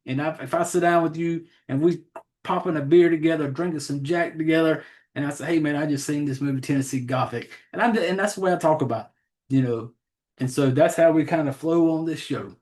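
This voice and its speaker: A man's voice: on the high side, brisk, darkish tone. This is a Southern-accented man hosting a horror movie podcast, a parent with a child of his own. He talks in loose, profane, rambling casual chat, stumbling over names and laughing at himself as he goes. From Southern United States. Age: adult, has a child. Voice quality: rambling, profane, self-deprecating about names.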